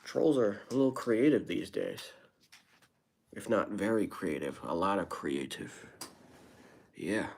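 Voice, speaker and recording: A man's voice: deep voice, expressive, slow, gravelly, pauses often, darkish tone, slight background noise. A young man talking casually on his live stream, reading viewer comments aloud and answering them with wry, rambling, self-deprecating asides. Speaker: livestreamer.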